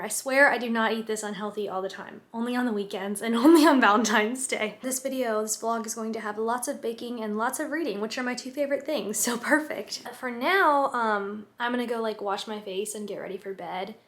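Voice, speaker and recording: A woman's voice: a little high, a little fast, few pauses, a bit bright. A young woman in her twenties, a student, chatting casually to camera at home with lots of filler words and little laughs. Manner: chatty, many "like" fillers, giggly. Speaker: student vlogger. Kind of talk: casual vlog chat to camera. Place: home, kitchen and bedroom.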